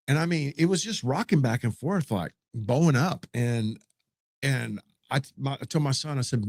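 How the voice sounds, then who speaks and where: Pastor guy in his 50s telling a wild story, really dramatic, dry close mic, mid-pitched. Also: moderate pace, dry recording. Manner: animated, dramatic storyteller who keeps saying "man".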